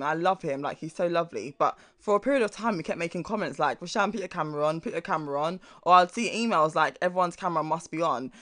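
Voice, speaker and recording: Brisk, lively young man. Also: on the high side. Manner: animated, laughs often, swears casually. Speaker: podcast co-host. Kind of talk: casual chat.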